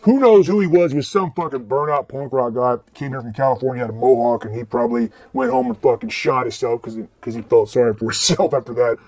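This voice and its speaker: A man's voice: medium pitch, sing-song, fast talker, hardly any pauses, a little mellow, no echo. A man in his forties telling rambling, profane stories about record stores in a casual way. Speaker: vlogger and record collector. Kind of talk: casual storytelling.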